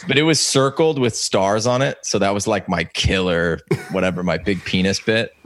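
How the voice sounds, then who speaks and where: A man's voice: lowish voice, normal speed, a bit bright, no room sound. A man in his thirties, a comedian, telling stories in a casual chat, rambling and stopping himself with many fillers. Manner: rambling, self-interrupting anecdotes with many fillers. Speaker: comedian guest.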